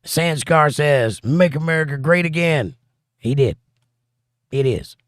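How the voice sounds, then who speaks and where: A man's voice: fairly high pitch, measured pace, no room sound, studio quality. Man hosting a casual live chat show. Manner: reads out viewer comments and replies offhand. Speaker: show host.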